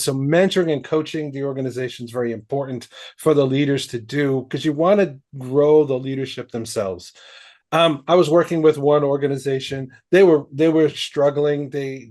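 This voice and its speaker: A man on a panel, speaking in a measured, conversational way with frequent ums and uhs. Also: medium pitch, a little mellow. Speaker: agile coach, panel guest.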